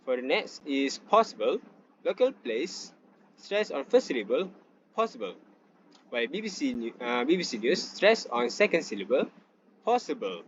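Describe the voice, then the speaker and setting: Student presenter, young man, reads slides haltingly; dull lo-fi take with faint noise. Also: fairly high pitch, big pitch swings. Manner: reads from slides with frequent fillers and restarts. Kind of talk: class presentation over slides.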